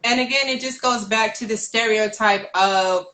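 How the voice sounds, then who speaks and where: A woman's voice: a little high, normal speed, sharp tone, rough recording. A young woman co-hosting a casual live-stream talk, agreeing often and expanding on points in a conversational way. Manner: conversational, agreeable, frequent affirmations. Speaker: co-host.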